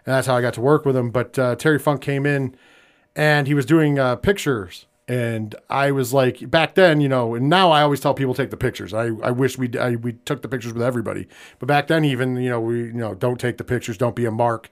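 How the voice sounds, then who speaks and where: A man's voice: mid-range voice, brisk. An American man hosting a wrestling podcast in casual chat, talking loosely with lots of fillers. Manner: conversational, many fillers, drops quiet when somber. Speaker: podcast host.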